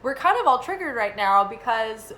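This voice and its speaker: Young woman, bright and fairly high voice, rambling casual reading with lots of fillers. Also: normal speed, rough recording. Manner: rambling, filler-heavy, animated when quoting. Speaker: tarot reader. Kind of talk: casual spoken reading and storytelling.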